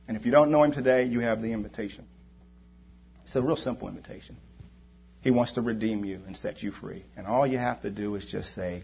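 A man's voice: medium pitch, expressive, moderate pace, vocal fry, breathy edge. A man preaching a sermon, impassioned and building to fervent exhortation, then leading a prayer. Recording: dull lo-fi sermon recording.

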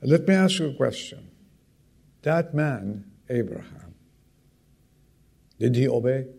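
A male preacher delivers a sermon at an unhurried, deliberate pace, stressing words by saying them twice. His voice is husky and carries a gravelly rasp. He stops often to ask the congregation questions. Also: mid-range voice, expressive, darkish tone. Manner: emphatic, repeats key words for stress; asks the congregation direct questions.

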